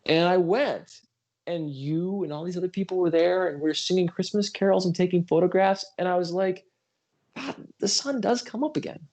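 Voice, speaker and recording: A high-pitched, darkish male voice at a moderate pace belongs to a middle-aged Western New Yorker running for office. On his casual livestream he tells earnest stories, apologizes for rambling on, and makes self-deprecating asides.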